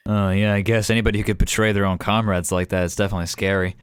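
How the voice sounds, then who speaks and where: A man voicing a young, nervous male clerk for the inquisitors, who speaks hesitantly and stammers, higher than his own voice. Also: flat delivery, racing, clear, resonant tone, dry recording, lightly acted. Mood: earnest.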